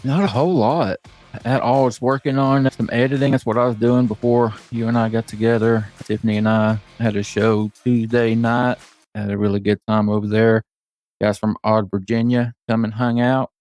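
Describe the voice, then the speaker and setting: A man co-hosting a live podcast, easygoing and relaxed as he chats. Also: mid-range voice, normal speed, soft background music. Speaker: podcast co-host. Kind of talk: casual live podcast chat.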